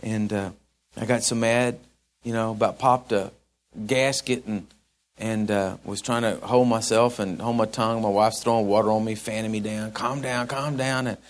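A man preaching a sermon in a folksy, conversational way that swells into emphatic, shouted points. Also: fairly low pitch, level tone, normal speed. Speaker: pastor.

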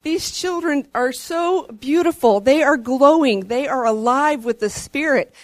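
A woman giving an earnest testimony in church, her voice rising as she grows excited. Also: high voice, unhurried, no echo.

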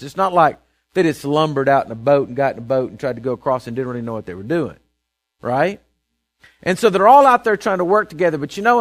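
A man whose voice sits on the high side preaches a sermon as a pastor. He shares the story casually, stumbling through restarts and regularly checking with listeners using "right?" and "okay?".

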